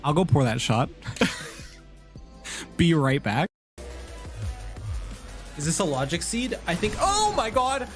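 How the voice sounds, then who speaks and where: A game streamer giving casual live commentary, giggly and excitable, talking directly to chat. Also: mid-range voice, slow, long pauses, faint music behind.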